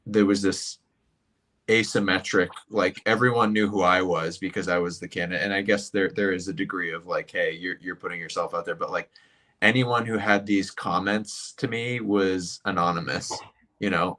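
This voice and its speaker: A man who once ran for office, talking as a guest in a thoughtful, halting way with frequent restarts. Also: low voice, bright, forceful tone. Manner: reflective, halting, with many restarts. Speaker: guest, former political candidate. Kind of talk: casual conversation.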